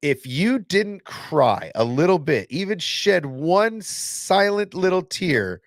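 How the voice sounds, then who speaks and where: A man hosting a casual fan reaction video, excitable and blunt, swearing and restarting his sentences often. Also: sits high, slow, no room sound, clean studio sound.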